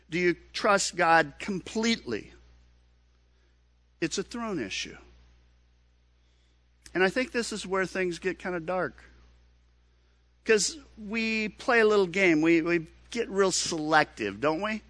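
A pastor preaching a sermon in an earnest, questioning manner, often repeating words. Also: male voice, high voice, expressive, slow, long pauses, a bit bright, dry recording.

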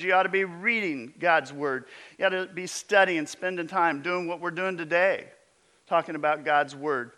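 A man preaching a sermon as pastor, emphatic, with his voice often dropping low and intense. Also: bright, forceful tone, clean tone.

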